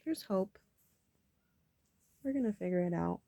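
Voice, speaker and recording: A woman telling an emotional personal story, halting and tearful, sometimes drifting into whispers. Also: mid-range voice, lively intonation, vocal fry, warm tone, no room sound.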